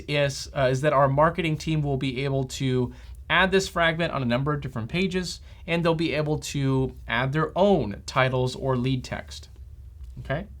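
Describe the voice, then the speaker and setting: A man teaching a front-end developer lesson as a screencast, talking steadily and checking in with a frequent "okay?". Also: medium pitch. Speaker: developer trainer. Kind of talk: software screencast tutorial.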